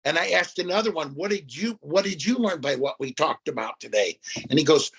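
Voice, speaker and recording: An older man as a podcast guest, telling lively stories and quoting children he has worked with. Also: fairly high pitch, fairly quick, vocal fry, husky. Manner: animated storyteller, quotes children. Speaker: guest speaker. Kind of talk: conversational podcast interview.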